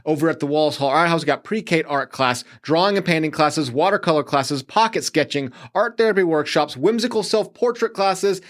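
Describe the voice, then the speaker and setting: A man's voice: a little high, a little fast, hardly any pauses. Upbeat man rattling off event listings. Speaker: guest, city tourism manager. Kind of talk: casual podcast interview.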